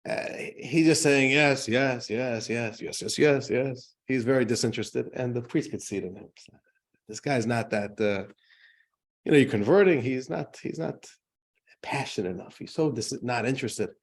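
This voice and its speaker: At normal speed and medium pitch, a rabbi teaching a class shares a joke in a lively, conversational style before he explains the lesson.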